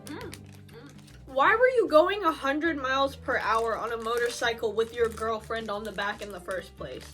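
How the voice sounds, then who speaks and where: A young woman vlogger rambles through her reactions, giggling and snacking as she talks. Her voice sits fairly high. Faint music plays underneath. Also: lively intonation, normal speed, a bit bright. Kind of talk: casual reaction commentary.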